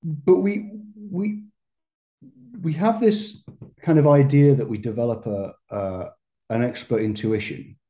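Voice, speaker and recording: A man with a mellow, warm voice speaks as an interview guest. He talks in a reflective, conversational way, circling back and restarting his phrases and laughing lightly between thoughts. His voice sits at a middling pitch. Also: unhurried. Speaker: guest, massage therapist and educator.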